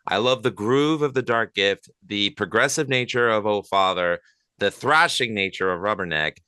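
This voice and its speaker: A man's voice: on the low side, moderate pace, bright, forceful tone, clear, resonant tone, dry recording. A middle-aged man hosting a casual podcast interview, rambling with fillers and restarts. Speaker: podcast host.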